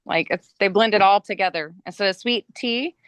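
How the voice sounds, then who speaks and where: A woman with a Southern US accent who shares relaxed, chatty anecdotes in a casual group discussion. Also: mid-range voice, brisk, smooth, no room sound.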